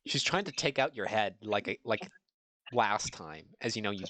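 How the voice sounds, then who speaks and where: A man running a tabletop game as game master, narrating in a halting way full of "you know" fillers. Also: on the low side, lively intonation, pushed and bright, no room sound.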